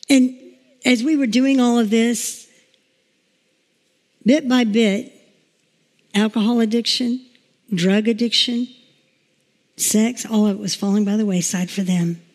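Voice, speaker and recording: A woman's voice: on the high side, darkish tone. A woman pastor giving a chatty, emotional sermon, telling stories and laughing along the way. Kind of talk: informal sermon with storytelling. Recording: long reverb in a large room.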